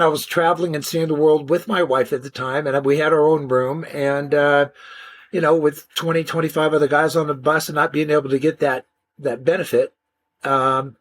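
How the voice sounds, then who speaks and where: An older man telling stories casually in an interview, animated and slangy, often restarting his sentences. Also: on the high side. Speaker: interview guest.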